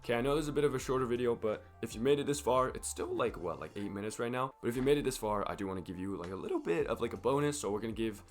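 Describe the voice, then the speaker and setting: A young man with a croaky, sick voice, rambling casually and profanely to camera in a fitness vlog. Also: mid-range voice, expressive, rapid-fire, hardly any pauses, soft background music. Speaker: fitness vlogger.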